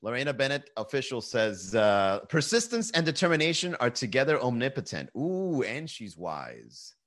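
A man's voice: mid-range voice, a bit bright. A man hosts a casual comedy podcast, riffing loosely and reading viewer messages aloud. His talk is jokey and full of swearing, with easy restarts and asides to the chat. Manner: loose, joking, reads chat comments aloud, swears freely. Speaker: podcast host. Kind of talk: casual live-stream chat.

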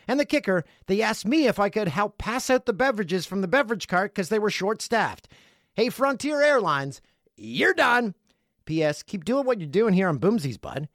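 A man's voice: on the high side, dry recording. A middle-aged man hosting a podcast from his home studio, reading listener messages aloud in a playful, joking way. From Canada. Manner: playful, jokey, lively delivery. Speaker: podcast host.

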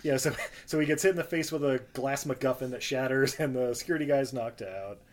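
Speaking a little fast at a medium pitch, a man co-hosts a podcast recapping a film. His style is loose and talkative, with lots of laughter and tangents.

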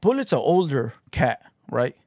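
A man's voice: mid-range voice, very animated, a little slow, darkish tone, no echo, studio quality. A man hosting a podcast, giving heated, profanity-laced reaction commentary and taunting his critics. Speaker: podcast host reacting to clips.

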